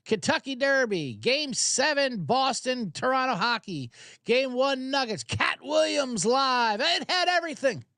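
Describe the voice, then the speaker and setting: Animated, high-pitched male sports host. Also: unhurried, no room sound, clean studio sound. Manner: animated, profane, rambling. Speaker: sports betting podcast host. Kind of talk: casual sports talk.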